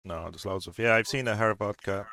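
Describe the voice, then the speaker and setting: A man's voice: on the low side, a little fast, very noisy. A man in casual podcast banter, reading out odd drink names and laughing. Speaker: podcast co-host.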